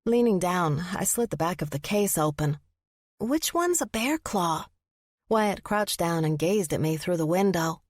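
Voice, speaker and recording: A woman narrating a first-person audiobook, expressive in the character's flustered lines. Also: on the low side, moderate pace, hardly any pauses, dry recording, clean studio sound.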